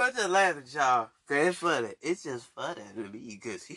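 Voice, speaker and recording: A man's voice: medium pitch, animated, normal speed, sharp tone, slightly rough, no room sound. A man ranting casually to his viewers, mocking people and laughing often, repeating himself. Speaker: vlogger. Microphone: desk mic.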